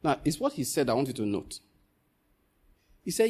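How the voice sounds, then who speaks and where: A man preaching a sermon, telling stories and scolding his listeners, with a husky voice. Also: moderate pace, long pauses. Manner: animated, swings from loud scolding to low storytelling.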